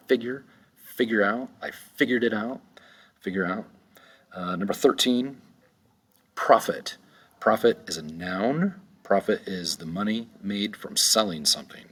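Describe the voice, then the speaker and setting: Low, husky male teacher reading a vocabulary list, repeating words deliberately for pronunciation. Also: fairly bright tone. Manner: repeats each word slowly for pronunciation, with frequent ums. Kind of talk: recorded vocabulary lesson.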